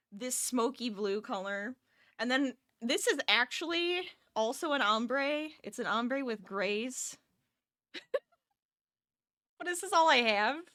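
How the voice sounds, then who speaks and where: A woman's voice: fairly high pitch, pushed and bright, no echo, studio quality. A tired woman chatting casually with her viewers during a live crochet stream from her home office, laughing often and reading chat aloud.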